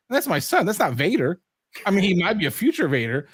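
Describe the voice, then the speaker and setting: A man hosting a casual podcast chat, animated, swearing freely and acting out quotes. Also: on the high side, racing, dry recording, studio quality. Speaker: podcast host.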